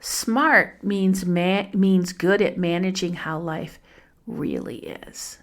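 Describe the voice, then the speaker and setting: A woman hosting a devotional podcast, sharing gentle, reflective musings and addressing listeners as friends. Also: on the low side, slow. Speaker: podcast host.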